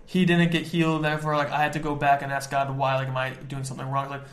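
A man's voice: medium pitch, echoey room. A young man co-hosting a casual faith podcast, chatting energetically and peppering his talk with "like" and "dude". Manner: fast, energetic, filler-heavy with frequent "like" and "dude". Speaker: podcast co-host.

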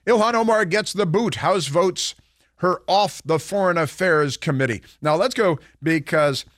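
A man's voice: sits high, unhurried, fairly bright tone, no echo. Guy ranting on talk radio, sarcastic, lots of uhs, dry mic. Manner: sarcastic, mocking, puts on voices to ridicule; rambling with many fillers and restarts. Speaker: radio talk show host. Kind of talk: political talk radio monologue.

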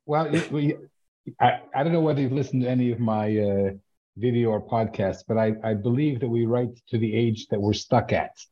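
A man's voice: medium pitch, moderate pace. A man hosting an interview with a guest, breaking in often and hesitating with fillers. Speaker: interview host, children's author. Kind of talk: interviewing, casual chat. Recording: dull lo-fi audio.

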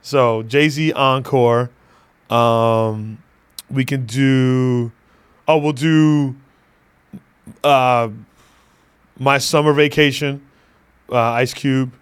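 A man's voice: medium pitch, fairly even intonation, extremely slow, pauses often, smooth. A man hosting a podcast in loose, joking chat, laughing often and swearing freely. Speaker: podcast host.

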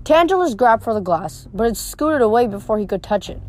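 A woman's voice: on the high side, animated, brisk, a little mellow. A woman reading a novel aloud, with frequent slips and restarts. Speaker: reader.

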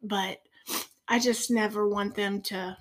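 A middle-aged woman speaking as a podcast guest in a heartfelt faith conversation, earnest and soft-spoken. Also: mid-range voice, fairly even intonation, takes it slowly.

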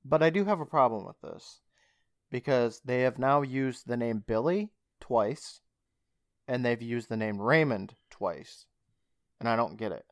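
A man's voice: medium pitch, measured pace, no echo, clean studio sound. A man co-hosting a podcast, casually retelling a show's plot and acting out the characters' lines. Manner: animated retelling, acts out lines. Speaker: podcast co-host. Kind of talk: casual recap chat.

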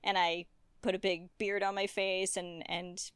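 Brief: talkative woman guest, loose and tangential, smooth dry voice. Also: medium pitch, little pitch movement, measured pace, fairly bright tone, dry recording. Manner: rambling, full of fillers and tangents. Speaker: guest artist. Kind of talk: casual interview chat.

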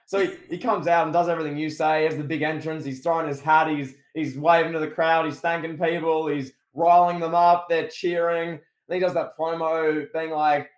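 Australian podcast co-host, lively, bit higher voice, roomy echo. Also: male voice, brisk, few pauses. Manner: animated, acts out quoted promos. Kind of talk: casual wrestling recap chat.

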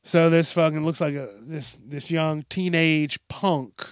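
A man's voice: a little high, steady tone, a little slow, smooth, no echo, studio quality. A man hosting a casual news commentary show, swearing often, laughing and acting out quotes in exaggerated voices. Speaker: host.

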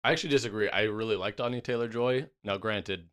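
A man's voice: fairly low pitch, quick pace, fairly bright tone. A young man co-hosting a podcast, chatting casually and laughing often while sharing opinions. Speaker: podcast co-host. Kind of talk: casual chat.

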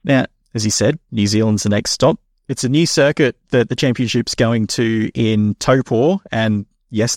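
A man's voice: fairly low pitch, darkish tone, no room sound, clean studio sound. A man, a motorsport interviewer asking chatty, jokey questions. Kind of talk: conversational interview.

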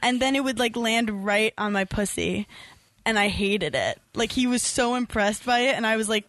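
A woman's voice: fairly high pitch, normal speed, fairly bright tone, dry recording. A woman guest on a comedy podcast, chatting casually with blunt, playful storytelling.

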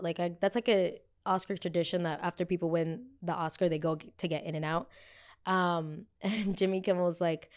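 Brief: young female host, smooth and clear voice, sits a bit low, chatty, rambling and sassy. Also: fairly even intonation, normal speed. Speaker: podcast host. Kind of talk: casual pop culture chat.

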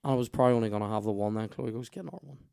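A man, hosting a podcast and telling animated, sweary stories in casual chat. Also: lowish voice, very fast, clean tone. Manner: animated, sweary, acts out voices in his stories. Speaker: podcast host.

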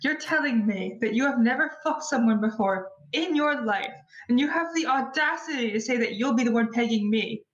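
Woman player, higher voice, teasing and playful, echoey room sound. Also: animated, normal speed, few pauses, muffled recording. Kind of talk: casual in-character tabletop chat.

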